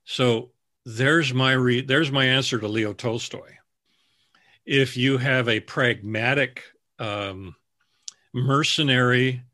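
A man's voice: medium pitch, bright, forceful tone, no echo, studio quality. A man who works as a book editor, answering interview questions earnestly and acting out the people in his anecdotes. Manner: earnest, storytelling, acts out the people he quotes.

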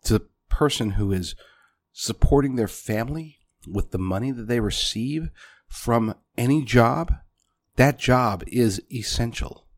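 A man's voice: medium pitch, a little slow. Emphatic male political commentator. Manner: emphatic, punchy, addresses listeners as folks.

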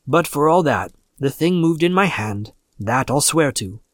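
A man's voice: on the high side, expressive, a little slow, no echo. A man gives voice to an aging father in a classic tale of terror, plain-spoken and stubborn. His words stay dry and close to the mic. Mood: insistent. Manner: insistent, then soothing and dazed. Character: stubborn old father, later dazed with grief.

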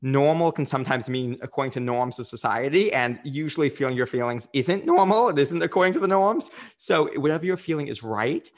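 A man's voice: medium pitch, lively intonation, brisk, few pauses. A man speaking as a coach in a candid interview, earnest and reflective, with frequent fillers.

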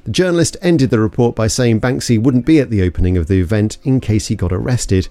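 A man's voice: fairly low pitch, fairly quick, mellow, no room sound, soft background music. A man from London narrating an investigative story in a suspenseful, scripted way. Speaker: podcast narrator.

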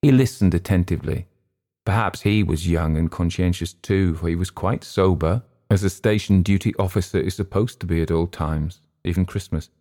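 A man reading a first-person thriller audiobook in a measured, understated manner. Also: sits low, warm tone. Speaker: audiobook narrator.

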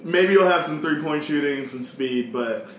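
A man's voice: a little high, moderate pace, a bit bright. A man co-hosting a podcast, easygoing in casual sports chat and laughing often. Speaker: podcast co-host. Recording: echoey room, faint hiss.

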